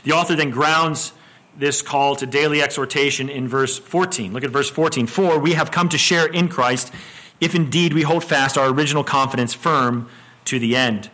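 A man's voice: mid-range voice, normal speed, sharp tone. A middle-aged male pastor preaching an expository sermon, often repeating words as he starts a phrase and asking the congregation questions.

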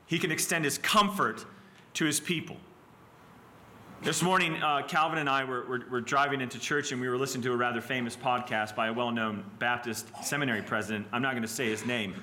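A man's voice: medium pitch, steady tone, fairly quick, bright, forceful tone. A male pastor preaching a sermon in a church, earnest and emphatic, pressing his points with rhetorical questions.

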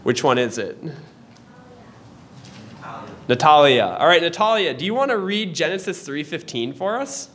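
A young man teaching a church class in a conversational way, pausing and correcting himself as he goes. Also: fairly high pitch, big pitch swings, a bit bright, slight background noise. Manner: conversational, with pauses and restarts. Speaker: Sunday school teacher.

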